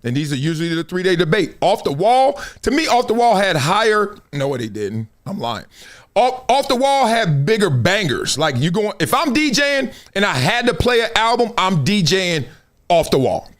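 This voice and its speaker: A middle-aged man hosting a live sports and culture stream, talking in loose slang with loud bursts and low asides. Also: moderate pace. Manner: animated, slangy, jumps between loud bursts and low mutters. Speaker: show host.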